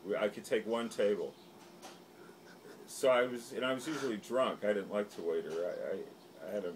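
A man's voice: lowish voice, a little mellow, slight background noise, rough recording. A man rambling through a comic anecdote, self-deprecating and loose in his telling. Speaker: storyteller.

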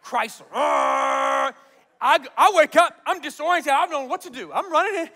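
A man's voice: extremely high pitch, fast. A man preaching a sermon as pastor, telling stories with acted-out quotes and frequent laughter. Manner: animated storytelling, acts out quotes, laughs often. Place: large church auditorium.

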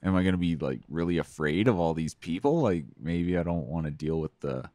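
A man's voice: low-pitched, expressive, fairly quick, dark tone, no echo, clean studio sound. A man co-hosting a podcast, chatting casually about politics, rambling with lots of fillers and restarts. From Canada. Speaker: podcast co-host.

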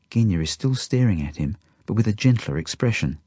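A man reading his own novel aloud as audiobook narration, in a steady, plain first-person storytelling manner. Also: lowish voice, fairly quick, husky, no room sound, studio quality.

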